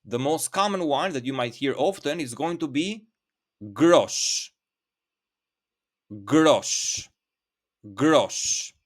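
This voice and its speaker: A man's voice: fairly high pitch, animated, moderate pace, few pauses, a bit bright. A man teaching a vocabulary lesson, speaking patiently and repeating each word several times. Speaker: Albanian language teacher.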